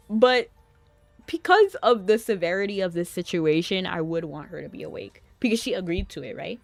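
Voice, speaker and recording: A woman's voice: mid-range voice, brisk, no room sound, soft background music. A young adult woman streaming a game, chatting casually, often giggling and rambling between read-out dialogue.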